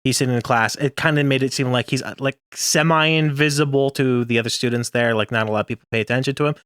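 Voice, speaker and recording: This young co-host walks through an anime episode on a podcast in a relaxed, laugh-filled way. His mid-range voice moves fast with fairly even intonation, a bit bright, clear and resonant, in clean studio sound free of echo.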